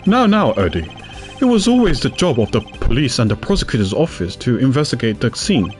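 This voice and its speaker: A man putting on a composed prosecutor who mentors a younger partner, speaking low and slow in a measured, lecturing way. his pitch still moves with expression, and soft game music plays faintly behind. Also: sing-song, lightly acted. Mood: calm lecturing. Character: composed older male prosecutor, calm mentor. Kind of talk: reading game dialogue aloud.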